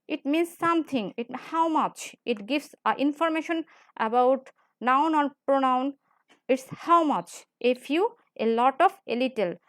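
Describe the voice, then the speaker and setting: High-pitched female grammar teacher, repetitive lecture delivery, dry recording. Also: no echo. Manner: repetitive, explains slowly with frequent "right?". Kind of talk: classroom lecture.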